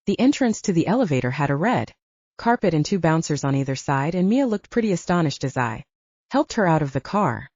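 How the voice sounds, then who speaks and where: Woman audiobook narrator, low and mellow, animated delivery, dry dull sound. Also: fairly quick, no room sound. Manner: expressive storytelling. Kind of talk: scripted narration.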